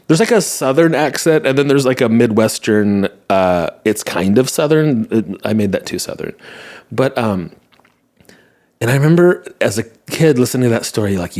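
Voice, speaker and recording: Male podcast host, casual rambling monologue, wry self-mocking humor, low-ish voice. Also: expressive, moderate pace, darkish tone. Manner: rambling, wry, laughs at himself. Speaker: podcast host answering listener messages.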